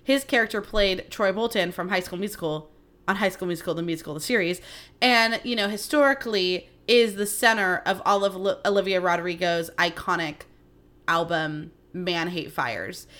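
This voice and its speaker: A young adult woman hosting a solo podcast, chatting in a gossipy, animated way, swearing freely and laughing often. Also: medium pitch. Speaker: podcast host. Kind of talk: casual solo podcast chat.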